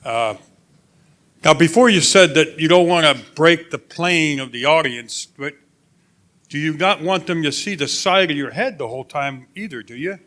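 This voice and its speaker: A man in a workshop audience asks the leader a question. His voice sits a bit high, and he speaks haltingly, pausing as he works out what to say. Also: a bit bright. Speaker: workshop attendee. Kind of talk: asking a question.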